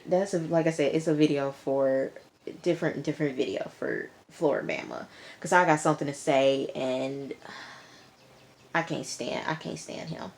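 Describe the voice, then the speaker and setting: Brief: young woman, low voice, sassy casual TV recap vlogger who snaps back at characters. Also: steady tone, moderate pace, gravelly, darkish tone. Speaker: TV episode reviewer.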